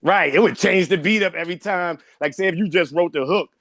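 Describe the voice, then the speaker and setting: Animated male co-host, fumbles for words, slightly high, dry mic. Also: fairly quick, no echo. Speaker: podcast co-host. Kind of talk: casual chat.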